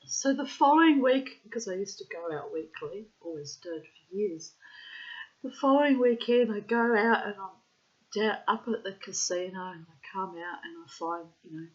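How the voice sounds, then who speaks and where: A woman's voice: medium pitch, muffled recording. A woman telling a story casually, laughing often, swearing freely and acting out the people she quotes.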